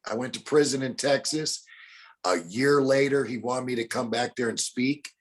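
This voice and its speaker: An older man telling animated stories in an interview, acting out the people he quotes. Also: medium pitch, moderate pace. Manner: colorful storyteller, acts out quotes in other voices. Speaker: bounty hunter guest.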